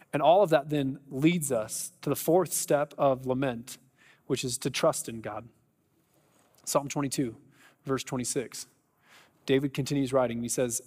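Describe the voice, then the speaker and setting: A man's voice: a little high, normal speed, in a large hall. A man preaching a sermon in a conversational, earnest way, with an American accent and frequent fillers and restarts. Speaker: pastor.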